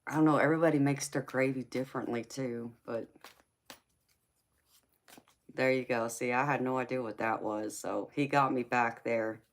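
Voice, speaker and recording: Low-voiced woman chatting with viewers. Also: steady tone, moderate pace, pauses often. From United States. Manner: chatty, laughs often, calls people honey and sweetheart. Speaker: livestream host. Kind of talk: casual livestream chat with viewers.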